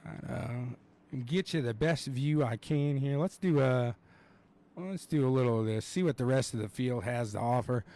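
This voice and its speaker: A young man giving live play-by-play commentary on a race, excitable and rambling, with plenty of fillers and asides. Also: medium pitch.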